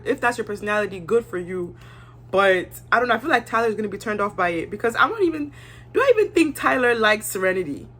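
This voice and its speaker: A woman's voice: a little high, fairly bright tone, slightly rough. A young woman giving casual, candid commentary on a reality show, sometimes acting out the cast's lines. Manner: chatty, candid, acts out cast members' lines.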